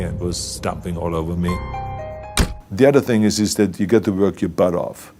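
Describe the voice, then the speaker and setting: An older man with a German accent delivers motivational lines with heavy emphasis, often repeating a phrase to drive it home. His voice sits on the lower side, and faint music plays underneath. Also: fairly even intonation, normal speed. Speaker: public speaker. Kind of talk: motivational speech clips.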